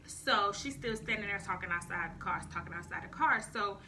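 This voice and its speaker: A young woman telling a storytime vlog, animated and profane, talking straight to her viewers. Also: medium pitch, fairly quick. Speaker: YouTuber. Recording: slightly distant mic, faint noise.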